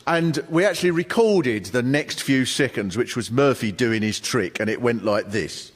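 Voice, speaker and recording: An English man performing stand-up comedy to a live audience, telling stories with lively shouted bursts. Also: mid-range voice, moderate pace, heavy background noise. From England. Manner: lively storytelling, breaks into shouted impressions. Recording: reverberant hall with audience.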